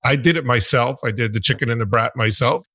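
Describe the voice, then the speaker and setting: Bright-voiced man with a Brooklyn accent. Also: medium pitch, quick pace, no echo. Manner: friendly, reflective, laughs easily. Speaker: podcast host, physician. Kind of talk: podcast interview.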